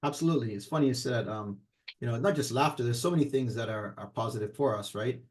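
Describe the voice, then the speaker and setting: A man's voice: medium pitch, fast. A middle-aged man co-hosting a casual talk show, rambling on with many fillers. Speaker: podcast co-host. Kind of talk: casual chat.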